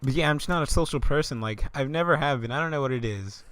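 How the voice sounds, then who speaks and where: A man's voice: mid-range voice, fast talker, fairly bright tone, clean tone. A young man ranting in a comedic vlog, swearing often and stammering into exasperated outbursts. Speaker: vlogger.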